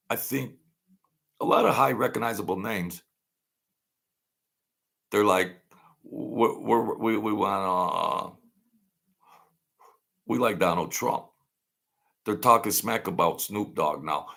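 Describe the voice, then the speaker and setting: A middle-aged man rants slowly through a late-night monologue, circling back on the same phrases with a scoffing edge. His low voice is gravelly and husky, with frequent dips into fry. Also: a bit bright. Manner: rambling, repeats phrases, mocking. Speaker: channel host.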